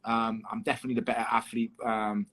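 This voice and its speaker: A man with a Liverpool accent, a guest fighter in a casual podcast chat, talking quickly and repeating himself as he works through his points. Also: lowish voice, flat delivery, a bit bright. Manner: quick, repetitive, chatty.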